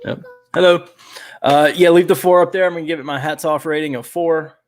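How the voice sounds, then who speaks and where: A man's voice: fairly high pitch, fairly even intonation, fairly quick. A man co-hosting a casual movie review podcast, joking and self-mocking, a father. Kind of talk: casual chat.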